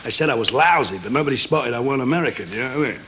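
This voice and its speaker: A male actor talks casually and quickly, mocking himself as he goes, with a middle-pitched voice. A faint hiss sits under the recording. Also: expressive, bright, forceful tone. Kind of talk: casual interview.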